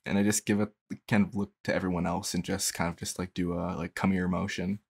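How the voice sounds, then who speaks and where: A man's voice: low-pitched, level tone, quick pace, vocal fry, slightly rough. A young man playing a tabletop game, describing his actions in a loose, wry way. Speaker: player. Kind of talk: casual tabletop game chat.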